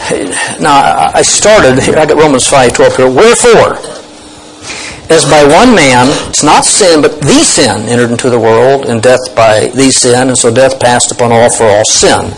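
A man's voice: medium pitch, animated, a little slow, a little hiss or hum, low-quality recording. Emphatic man teaching from the Bible. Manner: emphatic, explaining Greek words, thinking aloud with restarts.

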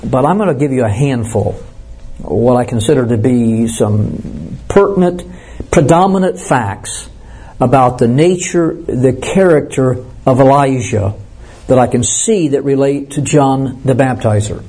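A middle-aged man delivers an expository sermon, working through scripture in an earnest, explaining manner. He often breaks off and restarts his phrases as he thinks aloud. His voice is mellow and dark with a husky edge. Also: mid-range voice, unhurried. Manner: earnest, explanatory, with frequent restarts and self-corrections. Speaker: pastor. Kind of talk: sermon, Bible teaching.

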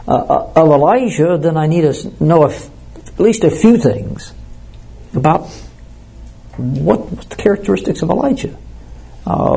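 A man's voice: a little high, creaky, warm tone, slightly rough. A middle-aged man preaching a Bible-teaching sermon in an earnest, explaining way, often restarting and correcting himself. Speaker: pastor.

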